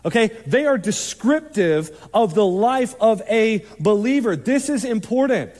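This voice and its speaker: A man preaching a sermon as pastor, in a conversational, animated way with quick asides. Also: sits high. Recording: long hall reverb.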